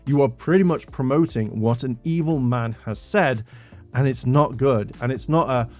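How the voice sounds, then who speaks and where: A man's voice: mid-range voice, moderate pace, darkish tone, soft background music. A man giving an exasperated, indignant commentary rant to his channel's viewers, swearing when worked up. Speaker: commentary YouTuber. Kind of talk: ranting commentary.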